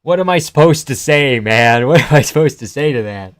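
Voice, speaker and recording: A man hosting a live fight-reaction stream, chatting loosely and profanely with his viewers and often trailing off quietly. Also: mid-range voice, lively intonation, a little fast, no echo, clean studio sound. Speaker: live-stream host reading chat.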